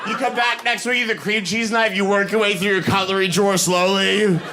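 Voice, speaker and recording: A man from the Boston area performing a stand-up comedy set, telling stories quickly and animatedly, with bursts of shouting. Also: high-pitched, fairly even intonation, background noise. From Boston area, USA.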